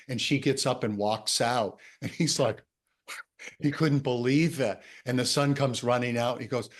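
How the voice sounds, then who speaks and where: A man, a coach and author, telling a story in a casual conversation, animated and laughing often. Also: mid-range voice, normal speed.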